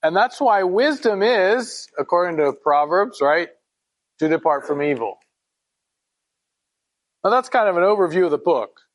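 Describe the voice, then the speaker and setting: Guy with a slightly high voice leading a bible study, chatty, reads verses out and asks the group stuff. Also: expressive, unhurried, long pauses. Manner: conversational, asks the group questions, reads scripture aloud. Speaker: Bible teacher.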